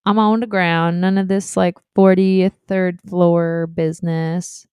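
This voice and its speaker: A woman's voice: lowish voice, flat delivery, slow pace, darkish tone, smooth, dry recording, clean studio sound. Playful slangy young woman host. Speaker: podcast host. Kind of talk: casual chat.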